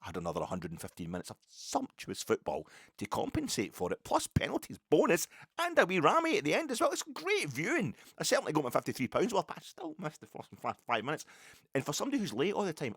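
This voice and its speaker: Scottish male podcast host, middle-aged, quick lively rant with swearing, dry close sound. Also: mid-range voice, breathy edge, no echo. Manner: animated, rambling, swearing. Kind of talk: solo fan podcast rant.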